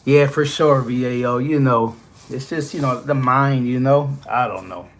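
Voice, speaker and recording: A man's voice: mid-range voice, measured pace, slight background noise. Rambling trucker guy, casual chat. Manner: rambling, filler-heavy, "you know" constantly. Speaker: trucker live-streamer. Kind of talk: casual live-stream chat.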